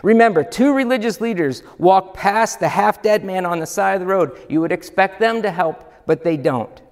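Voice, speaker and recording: A man's voice: sits high, lively intonation, normal speed. A man, a pastor preaching a sermon in a church hall, emphatic and full of rhetorical questions. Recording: long hall reverb.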